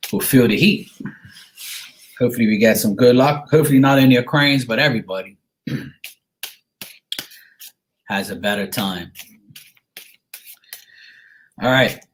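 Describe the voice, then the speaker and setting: A man's voice: mid-range voice, a bit bright, a little hiss or hum, low-quality recording. A man from Bermuda, a tarot reader chatting casually and rambling with lots of fillers. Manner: rambling, filler-heavy, laid-back. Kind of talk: casual livestream chat.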